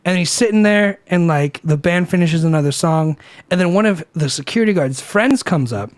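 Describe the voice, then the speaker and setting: High-voiced young guy telling a bar story. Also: normal speed. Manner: animated, profane, filler-heavy retelling. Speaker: podcast co-host. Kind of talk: casual storytelling over beers.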